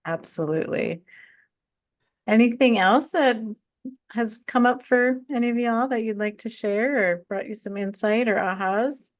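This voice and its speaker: A woman's voice: a little high, measured pace, dry recording, studio quality. A woman hosting a casual podcast chat, thoughtful and encouraging, rambling a little as she talks. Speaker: podcast host.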